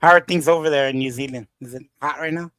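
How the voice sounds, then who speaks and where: A man's voice: on the high side, fairly even intonation, fast talker, fairly bright tone, no room sound, studio quality. A man hosting a casual live panel, rambling and groping for names as he talks. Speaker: livestream panel host. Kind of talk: casual chat.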